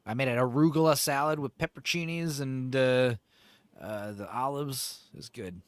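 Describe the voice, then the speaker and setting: A man's voice: medium pitch, normal speed, clear, resonant tone, no echo. Joking, foul-mouthed man hosting a stream. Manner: profane, rambling and jokey. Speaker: livestream host. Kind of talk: casual chat reacting to a video.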